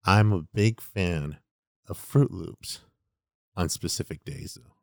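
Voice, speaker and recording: A man's voice: sits low, takes it slowly, creaky, a little mellow, no room sound, studio quality. A man co-hosting a casual chat, rambling through slangy stories full of "like". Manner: rambling, slangy storytelling with lots of "like". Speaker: podcast co-host.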